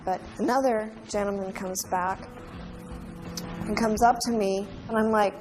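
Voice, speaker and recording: Woman in her twenties, earnest, halting interview voice, soft music underneath. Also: medium pitch, fairly even intonation. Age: 20s. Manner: halting, earnest, quietly intense. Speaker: crime survivor interviewee. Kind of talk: emotional interview recollection.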